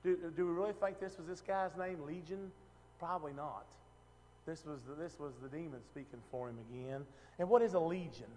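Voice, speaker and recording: A man's voice: fairly high pitch, a little fast, darkish tone, in a large hall, a little hiss or hum. A man teaching a Bible passage in a casual, conversational way, often asking the room questions and restarting his sentences. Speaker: preacher.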